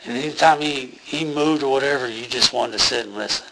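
A man's voice: mid-range voice, fairly quick, vocal fry, very noisy. A man giving an earnest, rambling personal testimony about a near-death experience, full of fillers and restarts.

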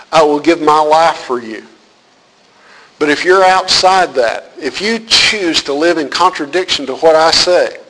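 A man preaching a sermon with a fairly high voice. He talks like he is telling a story, with plenty of fillers, and he puts questions to the congregation. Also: a bit bright, a little hiss or hum, rough recording. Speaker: pastor.

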